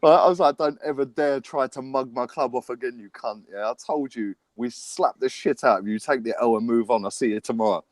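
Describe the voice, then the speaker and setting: A man telling a lively story in casual football chat, laughing often. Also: mid-range voice, fairly quick, hardly any pauses, no echo. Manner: animated storytelling with laughs and slang. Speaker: football podcast host.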